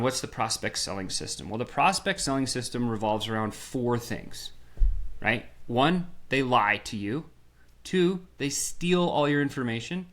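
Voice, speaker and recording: A man who is a sales strategist, guesting on a podcast and talking in an energetic, punchy way full of rhetorical questions. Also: mid-range voice. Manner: animated, acts out little scenes in voices. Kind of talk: energetic storytelling.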